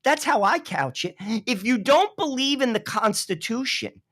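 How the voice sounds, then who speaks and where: A man's voice: big pitch swings, normal speed, pushed and bright. A man talking politics on a talk show, blunt and emphatic, pressing his points hard. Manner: blunt and emphatic, swinging in pitch.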